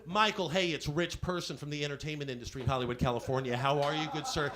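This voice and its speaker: A man's voice: on the high side, steady tone, fast, close to an everyday voice. A man doing a pushy Hollywood money guy. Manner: brash, loud, jokey.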